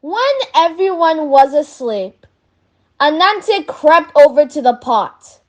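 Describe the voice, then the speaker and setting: A woman reading a children's story aloud in a measured, lively way. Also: high voice, highs cut off.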